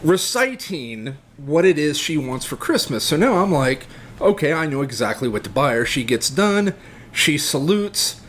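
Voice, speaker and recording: A middle-aged man on a podcast, telling a comic personal story in a deadpan, rambling way full of hesitations. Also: a little high, normal speed, slight background noise. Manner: rambling, deadpan, hesitant with many ums and uhs. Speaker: podcast co-host.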